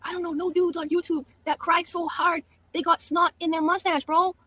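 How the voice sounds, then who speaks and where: A woman's voice: extremely high pitch, flat delivery, moderate pace, fairly bright tone, no echo. A woman from Massachusetts trash-talking a rival in a profane, brash video rant. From Massachusetts, USA.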